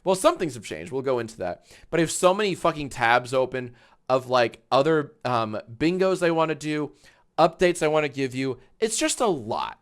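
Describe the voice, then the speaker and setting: A man hosting a live stream, chatting casually and loudly, swearing, laughing and getting excited in bursts. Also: normal speed. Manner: excitable, loud, swears, laughs often, big swings in pitch and volume. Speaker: livestream host. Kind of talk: casual livestream chat.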